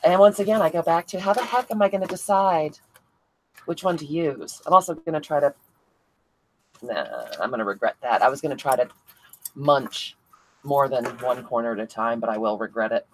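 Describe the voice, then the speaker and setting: A chatty woman with a low, deep speaking voice hosts a crafting livestream from home. She talks casually while she works, answering viewers by name and laughing often. A faint hiss sits under the recording. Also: a little fast, poor audio. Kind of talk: casual livestream chat reading viewer comments.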